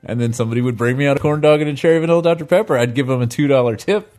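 A man's voice: medium pitch, rapid-fire, a little mellow, soft background music. Young man, casual banter, storyteller who laughs easily. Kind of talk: casual chat.

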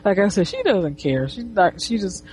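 A woman's voice: medium pitch, animated, moderate pace, darkish tone, slight background noise. A woman casually retelling a comic book, rambling with restarts and swearing. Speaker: comic reviewer.

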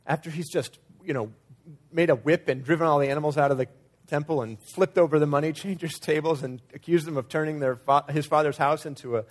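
A man's voice: on the high side, fast talker. A man preaching a sermon in a conversational way, sometimes acting out quoted lines with changing emphasis. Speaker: pastor.

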